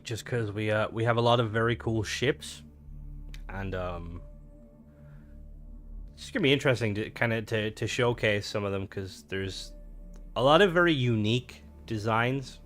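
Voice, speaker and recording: A man's voice: on the low side, normal speed, pauses often, fairly bright tone, soft background music. A man streaming a video game, chatting casually with lots of fillers and restarts. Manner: rambling, filler-heavy, upbeat. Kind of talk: casual gameplay commentary.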